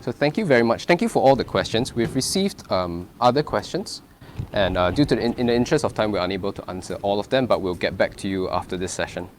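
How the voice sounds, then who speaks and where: A man, a veterinarian calmly answering audience questions. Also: fairly low pitch, fast, a little hiss or hum. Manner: calm, explanatory, with fillers.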